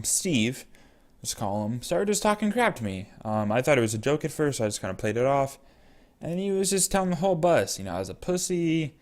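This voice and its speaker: A young man vlogger casually telling a personal story, rambling with many fillers. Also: mid-range voice.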